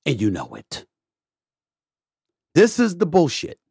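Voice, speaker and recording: A middle-aged man hosting a podcast, delivering an impassioned, emphatic monologue that swings between loud and quiet and repeats his points with the odd curse. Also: on the high side, huge pitch swings, slow pace, gravelly, breathy edge, dry recording, studio quality. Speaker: podcast host.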